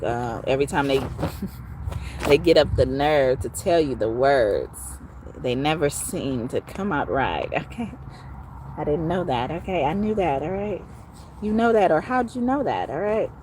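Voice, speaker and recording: Woman tarot reader, low voice, blunt and profane, faint background hum. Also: lively intonation, moderate pace, a little mellow. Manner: blunt and profane, chatty with frequent laughs. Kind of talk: casual live tarot reading.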